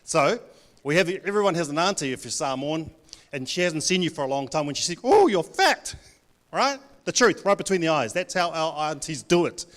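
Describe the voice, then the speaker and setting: A man's voice: a little high, a little fast, a bit bright. A man, a Pacific director giving a blunt, joking talk to a live audience at a church event. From New Zealand. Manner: blunt, joking, plays to the crowd.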